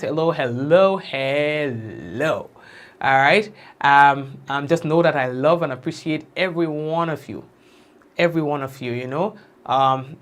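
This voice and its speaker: A young man hosting a casual livestream, giving warm shout-outs to commenters by name and drawn-out blessings. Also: fairly high pitch. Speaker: livestream news host. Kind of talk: casual livestream chat greeting viewers.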